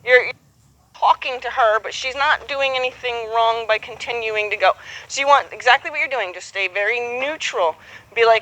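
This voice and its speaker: A woman's voice: on the high side, normal speed, bright, forceful tone, rough recording. A woman coaching a horsemanship student outdoors, patient and encouraging, acting out both horse and rider as she explains. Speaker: horsemanship instructor. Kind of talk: hands-on coaching.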